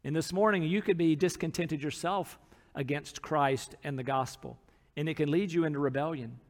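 A man's voice: on the high side, normal speed, long reverb tail. A man preaching a sermon as pastor, earnest, acting out quotes from people in the text.

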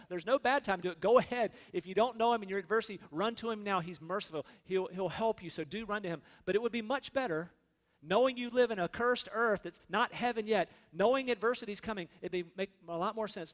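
A man's voice: high voice, a little fast, long reverb tail. A man preaching a sermon in an earnest, conversational way, speaking his prayers aloud. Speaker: pastor.

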